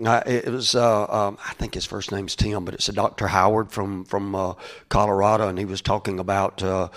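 A man's voice: fairly low pitch, fairly bright tone. Man preaching a casual sermon. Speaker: pastor.

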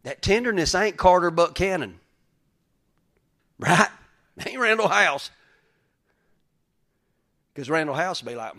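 A man preaching a folksy sermon as pastor, swinging from loud calls to hushed whispers. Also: high-pitched, expressive, slow pace, long pauses.

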